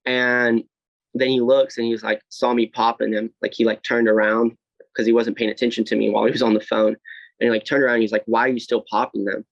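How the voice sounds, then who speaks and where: Speaking fast and flat in a gravelly, medium-pitched voice, a twentysomething podcast guest opens up about his life. He's blunt, curses freely, and stumbles through many fillers and restarts, captured in a dry, dull-sounding recording.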